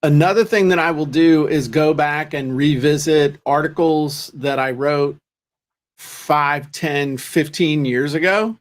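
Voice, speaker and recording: A man's voice: fairly high pitch, steady tone, slow pace. A man co-hosting a podcast, talking in a chatty, joking, self-deprecating way. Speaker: podcast co-host. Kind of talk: casual chat.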